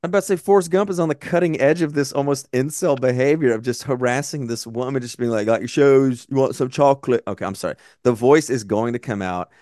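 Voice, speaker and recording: A man's voice: mid-range voice, fast talker, few pauses, darkish tone, no room sound, clean studio sound. A man co-hosting a podcast, chatting casually about a movie in a blunt, profane, rambling way. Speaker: podcast co-host. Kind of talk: casual movie-review chat.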